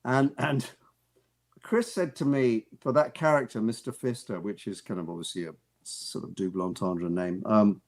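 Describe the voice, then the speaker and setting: At normal speed and in a lowish voice, a man who acts and writes tells amused, casual stories as an interview guest. He rambles, frequently restarting and repeating words, captured on a radio studio microphone.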